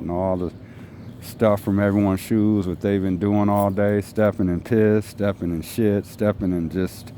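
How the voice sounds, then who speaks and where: A man's voice: on the low side, mellow. A man hosting a casual podcast, talking in a laid-back, rambling way with casual swearing while he walks his dog through an apartment lobby. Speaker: podcast host. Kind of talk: casual solo podcast chat. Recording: noisy background.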